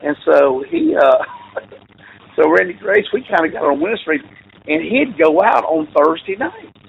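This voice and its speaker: A man's voice: on the high side, very animated, a little slow, creaky. A man, a football coach telling rambling stories in a casual chat. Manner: rambling anecdotes with laughs and restarts. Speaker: interview guest, football coach. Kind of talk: casual storytelling. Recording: tinny phone-like call audio with faint noise.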